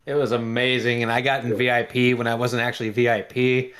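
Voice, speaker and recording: A man co-hosting a podcast, telling a story in a lively way and acting out the people in it. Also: medium pitch, a little fast. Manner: animated, acts out quoted voices. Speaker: podcast co-host. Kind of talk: casual storytelling chat.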